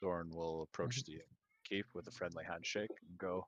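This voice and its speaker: A man's voice: low voice, steady tone, fairly quick, no room sound. A man playing a tabletop game, chatting in a jokey way. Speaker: player. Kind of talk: casual game chat.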